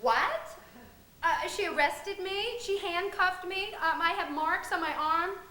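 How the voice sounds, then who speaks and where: A woman's voice: very high-pitched, slow, sharp tone, reverberant, full character voice. A woman playing a nervous, embarrassed schoolteacher in a stage comedy. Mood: flustered. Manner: nervous, flustered. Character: anxious, embarrassed female schoolteacher.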